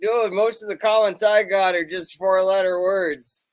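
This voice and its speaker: A man's voice: high voice, steady tone, measured pace. A man playing a slacker memorabilia dealer who drawls and calls everyone dude and bud. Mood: laid-back. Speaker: recurring comic character. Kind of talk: comic sketch.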